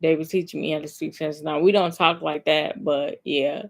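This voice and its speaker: A young woman chats straight to her camera in a loose, rambling story-time vlog. Her voice sits a little low, and she leans on emphatic repeats and filler words as she tells it. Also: steady tone, moderate pace, vocal fry. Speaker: vlogger.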